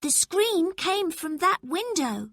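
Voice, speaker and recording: A woman's voice: extremely high pitch, sing-song, takes it slowly, a bit bright, dry recording, studio quality, pitched above the performer's own voice, heavily acted. A woman voicing a worried young girl from old London in a raised, anxious, childlike voice for a storybook reading.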